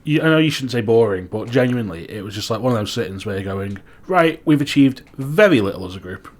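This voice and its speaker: A young man with a Manx accent, co-hosting a casual chat podcast, who swears freely and gets animated when he rants. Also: mid-range voice, fast talker. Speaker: podcast co-host.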